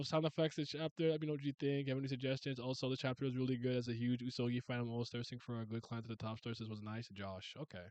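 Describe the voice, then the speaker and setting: A young man and manga scanlator reading a manga aloud and reacting in a casual, excitable, slangy way. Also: mid-range voice, dry recording. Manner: excitable, animated, laughs a lot, slangy.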